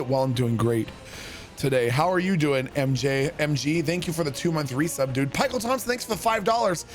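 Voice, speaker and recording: A high-voiced man streams a golf video game. He jokes, swears and ribs his friend, stopping to read out viewer messages. Faint game music plays underneath. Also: lively intonation, fairly quick. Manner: joking, profane, teasing banter; reads viewer messages aloud. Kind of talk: casual gaming livestream chat.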